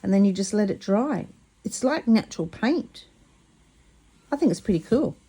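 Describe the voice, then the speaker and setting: A mellow-voiced woman talks through a craft project at her table. She is chatty and excitable, often tripping over her words. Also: medium pitch, moderate pace, husky. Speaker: craft vlogger. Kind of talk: casual craft demonstration.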